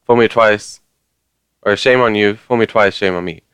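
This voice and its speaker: A man's voice: on the low side, moderate pace, a bit bright, clear, resonant tone, dry recording. A man ranting casually to his viewers, rambling along with lots of fillers and mild swearing. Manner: conversational, many fillers. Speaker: vlogger. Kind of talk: casual rant to camera.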